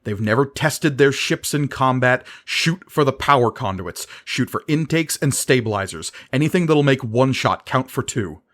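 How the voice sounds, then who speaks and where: A man's voice: lowish voice, expressive, a little slow, a bit bright. A man voicing a bold, commanding airship captain. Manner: commanding, confident orders.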